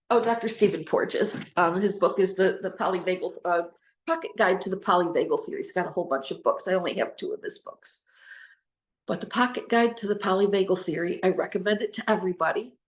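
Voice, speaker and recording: A woman's voice: mid-range voice, normal speed, pauses often. A woman hosting an informal talk on trauma recovery, earnest and rambling, who spells words out and restarts her sentences. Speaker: host, trauma recovery speaker. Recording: echoey room.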